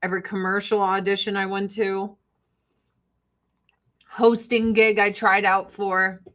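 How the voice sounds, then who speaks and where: This Joliet, Illinois streamer speaks in a Chicago-area Midwestern accent while casually fielding viewer chat questions, profane, blunt and quick to laugh. Her mid-range, fairly bright voice has a flat delivery and a measured pace.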